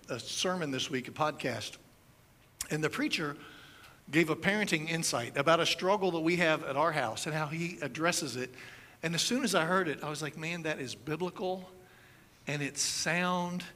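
A man's voice: high-pitched, sharp tone. A man in his fifties from the United States preaching a conversational sermon, telling stories with playful asides and demonstrations. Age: 50s. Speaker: pastor.

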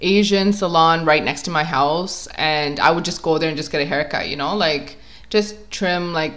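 A woman's voice: low-pitched, moderate pace. Chatty young woman telling a story. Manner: chatty, filler-heavy with constant "like"; animated, acts out quotes. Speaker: vlogger. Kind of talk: casual storytime chat.

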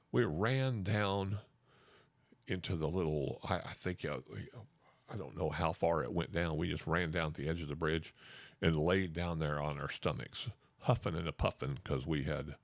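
A man, telling a folksy ghost story in an animated way, repeating words and acting out the shouts. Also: low voice, gravelly, dry recording. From Oklahoma.

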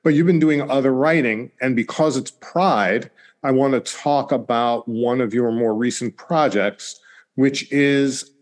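A man hosting an interview, brisk and guiding, with a joking edge. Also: mid-range voice. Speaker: host. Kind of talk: casual interview talk.

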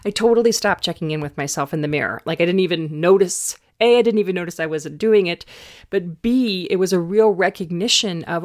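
A woman's voice: lowish voice, moderate pace. A middle-aged woman hosting her own podcast as an anxiety coach, talking candidly and conversationally about her own stress. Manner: candid, conversational, self-reflective. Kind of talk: casual podcast monologue.

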